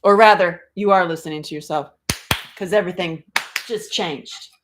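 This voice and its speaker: A middle-aged woman talks straight to her viewers on a casual livestream. Her voice sits a little low, and she is animated and blunt, swearing freely as she reads out comments. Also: normal speed, noisy background. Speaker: livestream host.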